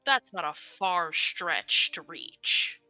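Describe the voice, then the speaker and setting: A woman's voice: fairly low pitch, big pitch swings, slow, sharp tone, no echo, soft background music. A woman playing a tabletop role-playing game, joking and giggling with mock sarcasm. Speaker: player. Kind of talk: tabletop role-play chat.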